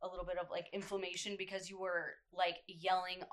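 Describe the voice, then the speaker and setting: A woman voice coach talks a podcast host through vocal technique. Her voice is bright and forward, and she explains things patiently in a loose, chatty way with plenty of "like"s. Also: on the low side, flat delivery, fairly quick. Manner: explanatory, lots of fillers. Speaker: voice coach guest. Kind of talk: casual podcast chat.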